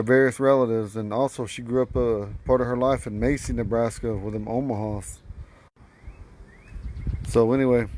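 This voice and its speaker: A man's voice: mid-range voice, darkish tone, a little hiss or hum, rough recording. A man teaching a language in a casual, rambling livestream lesson, often repeating and correcting himself.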